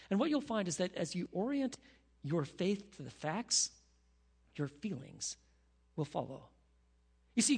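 A man preaching a sermon as pastor, animated, dropping to a hushed voice when he prays. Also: high voice, gravelly, slightly rough, in a large hall. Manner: animated, drops to a hushed voice for prayers.

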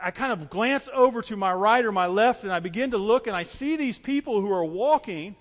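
In a large hall, a man with a high-pitched, fairly bright voice preaches a sermon as pastor. He's earnest and repetitive, driving his points home with everyday illustrations.

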